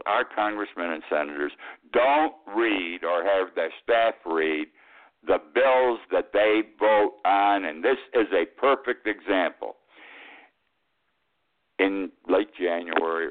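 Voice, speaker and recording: An older man hosting a talk radio show, delivering an indignant, rambling political monologue and pausing to read quotes from his notes. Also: low voice. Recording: tinny phone-like line.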